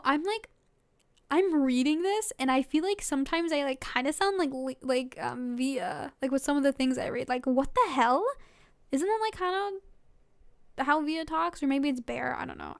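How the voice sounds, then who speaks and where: A woman's voice: high voice, creaky, no echo, clean studio sound. A tired young woman reading fanfiction aloud to her viewers, rambling with lots of fillers and giggles. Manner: tired, giggly, talks fast with many likes. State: sleepy. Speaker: video creator.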